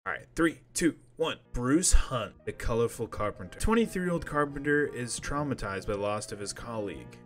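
A man's voice: mid-range voice, animated, normal speed, hardly any pauses, over music, crowd noise. A man giving crude, joking gameplay commentary, profane and self-mocking. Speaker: gamer.

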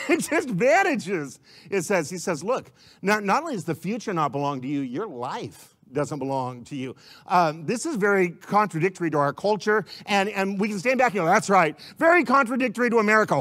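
High-voiced man preaching a lively sermon. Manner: animated, conversational preaching with rhetorical questions. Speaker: pastor.

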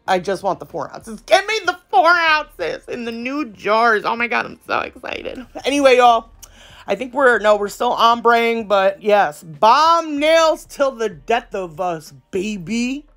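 A woman nail artist and brand ambassador chatting casually to her viewers, rambling, slangy and outspoken. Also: fairly high pitch. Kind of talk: casual vlog chat to viewers.

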